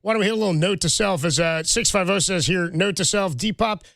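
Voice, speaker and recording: A man co-hosting a sports radio show, telling stories in an animated, casual way with lots of restarts. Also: sits high, a little fast, vocal fry, no echo, clean studio sound.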